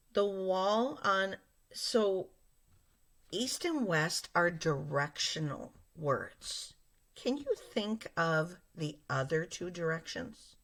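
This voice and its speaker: A woman teacher giving a lesson to young children, explaining slowly and patiently and speaking straight to her class. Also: fairly low pitch, sing-song, a bit bright. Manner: slow, patient and explaining, addressing children directly.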